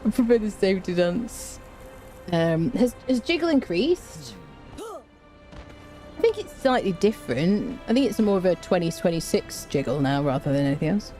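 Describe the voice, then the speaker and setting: Lively British woman streamer. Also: on the low side, moderate pace, faint music behind. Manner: chatty, reads chat aloud, animated rants. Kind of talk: casual gameplay stream chat. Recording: faint background noise.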